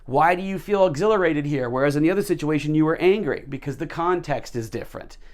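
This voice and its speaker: A man explaining a leadership model through everyday stories, with a voice that sits slightly high. He talks in an animated way, often repeating words as he rephrases. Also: fast talker. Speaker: leadership teacher. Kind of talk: explanatory storytelling talk.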